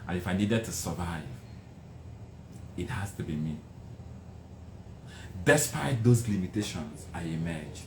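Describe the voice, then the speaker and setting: A man's voice: low-pitched, measured pace, pauses often. A middle-aged man with a Nigerian accent, telling his life story emphatically as a motivational speaker. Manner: emphatic, animated, dramatic repetitions. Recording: roomy with faint noise.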